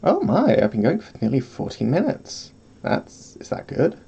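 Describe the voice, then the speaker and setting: A male streamer at home who talks in a rambling, self-deprecating way and often laughs at himself. His voice is gravelly with a slight fry. His pitch swings up and down a lot as he chats. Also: big pitch swings, moderate pace, warm tone, muffled recording. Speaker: vtuber streamer. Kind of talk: casual solo stream chat.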